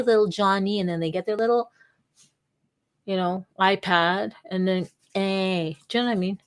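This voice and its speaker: A woman hosting a casual livestream, rambling and jokey, often cutting herself off, with keyboard typing behind her. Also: on the low side. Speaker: vlogger and livestream host.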